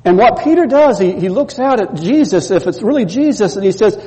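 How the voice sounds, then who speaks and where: A man preaching a sermon, telling a story with lively repetition and acting out the voices in it. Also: sits high, fairly quick, long reverb tail, poor audio. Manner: storytelling, acts out quoted voices, repeats words. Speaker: pastor.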